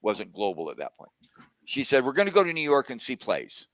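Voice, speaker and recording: A man talks through a video call, sharing a personal story in an earnest, reflective way. His voice is close and dry, with no room around it, and his pitch sits in the middle. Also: wildly swooping pitch, brisk, dry recording. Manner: warm reflective storytelling, gets emotional. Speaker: guest speaker. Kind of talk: casual conversation on a video call.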